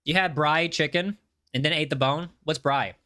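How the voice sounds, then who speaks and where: Male game streamer, casual, talks to chat, bright forward tone, on a desk mic. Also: fairly high pitch, moderate pace. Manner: chatty, reads chat aloud, repeats himself. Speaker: game livestreamer.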